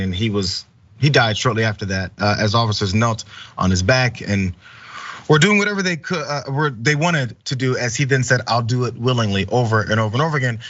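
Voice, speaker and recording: A man's voice: medium pitch, fairly bright tone, highs cut off. A man hosting online news commentary, talking loosely with many fillers and pressing indignant rhetorical questions.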